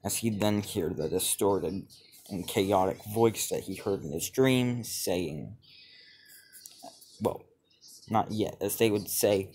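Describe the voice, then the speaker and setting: A man telling a fan-made story off the cuff, halting and restarting his sentences, stringing events together with "as". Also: lowish voice, darkish tone, slight background noise. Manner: halting, many restarts and repeated "as he would". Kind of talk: improvised fan-fiction narration.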